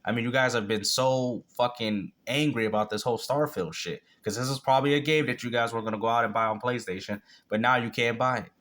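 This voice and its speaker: A man's voice: medium pitch, fast, few pauses, a bit bright. Blunt, mocking man ranting. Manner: blunt, mocking, profane trash talk. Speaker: reaction video host. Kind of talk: casual reaction commentary.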